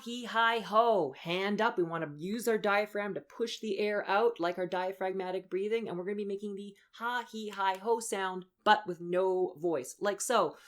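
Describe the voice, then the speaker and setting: A young woman voice coach leading a lesson, upbeat and encouraging as she walks through breathing and vocal warm-ups. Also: mid-range voice. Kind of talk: instructional voice lesson.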